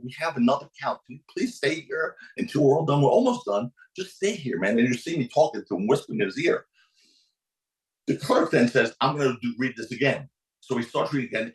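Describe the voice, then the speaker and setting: A man's voice: reverberant, low-quality recording. A man telling a courtroom story on a podcast as a guest attorney, acting out the people in it with big swings in his voice. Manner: animated, acts out quotes with big pitch swings. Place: podcast studio.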